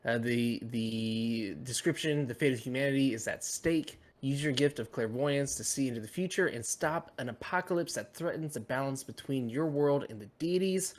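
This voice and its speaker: A man hosting a casual podcast chat, talking easily with fillers and pauses. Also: medium pitch. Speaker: podcast host.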